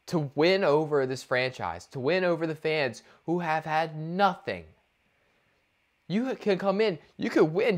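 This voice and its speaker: Man, higher register, animated sports-talk co-host, rants and restarts. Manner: animated ranting, many restarts and fillers. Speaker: podcast co-host.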